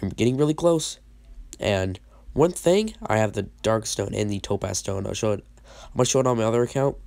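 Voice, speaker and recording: Sick man with a gravelly low voice. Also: lively intonation, fairly quick, darkish tone, dry recording. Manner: rambling and hesitant, restarting sentences. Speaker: gaming channel host. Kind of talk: casual game commentary.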